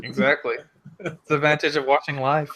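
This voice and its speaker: A man in casual podcast chat, teasing and excitable. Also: fairly high pitch, fairly quick, low-quality recording. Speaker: podcast guest.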